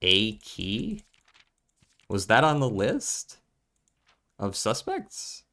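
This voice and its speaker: A man's voice: lowish voice, sing-song, very slow, bright, forceful tone. A man streaming a puzzle game, thinking aloud in a casual, profane mutter as he works through clues.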